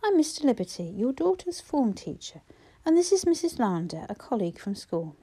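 A woman reading a smooth, calm male teacher. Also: heavily acted. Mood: polite. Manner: low, smooth, measured. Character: calm, persuasive male schoolteacher.

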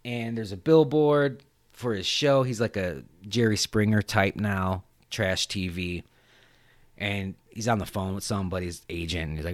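A man hosting a podcast, retelling a film scene in a rambling, profane, animated way. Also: fairly low pitch, moderate pace, no room sound, clean studio sound. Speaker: podcast host. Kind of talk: casual film chat.

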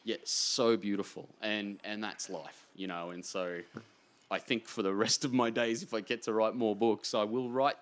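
A man with an Australian accent, an author telling heartfelt stories in an earnest, rambling way that swings between hushed and animated. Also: lowish voice, normal speed. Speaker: author guest. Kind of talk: emotional anecdotal storytelling.

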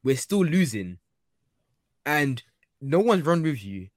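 A man's voice: a little high, very animated, takes it slowly, no echo. Blunt slangy man in dry close sound. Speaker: podcast co-host. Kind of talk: casual football chat.

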